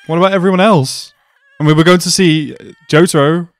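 A young man hosting an anime reaction video, swinging between excited outbursts and quiet, reflective musing. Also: fairly high pitch, fairly quick, no echo. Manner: excitable, gasping and shouting, then reflective and subdued.

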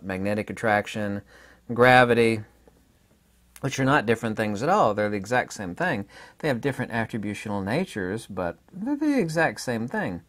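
A man in a solo lecture-style monologue, speaking deliberately with fillers and restarts, leaning hard on key terms. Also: mid-range voice. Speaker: channel host explaining science theory.

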